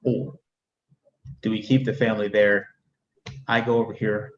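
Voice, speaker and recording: A middle-aged man, an Army first sergeant appearing as a guest, chats candidly about family life, rambling and often restarting his sentences. His fairly low voice keeps fairly even intonation at a moderate pace. The audio is dull and lo-fi, with faint noise.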